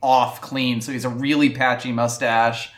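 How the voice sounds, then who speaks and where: A man's voice: mid-range voice, flat delivery, normal speed, fairly bright tone. A man in casual conversation as a podcast co-host, laid-back and joking, with frequent swearing. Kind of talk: casual chat.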